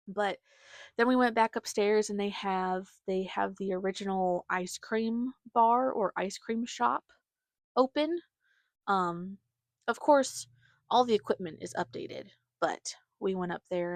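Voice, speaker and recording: In a casual monologue, a woman with a mid-range voice rambles through a chatty story on her podcast, voicing what her family members said. There is no echo.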